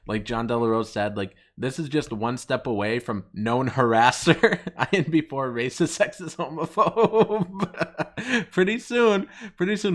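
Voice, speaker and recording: A young man hosting his channel, ranting with mocking laughs and jumping into a higher voice whenever he quotes people. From United States. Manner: mocking, laughing often, pitch jumping up when quoting others. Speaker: channel host. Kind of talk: ranting commentary.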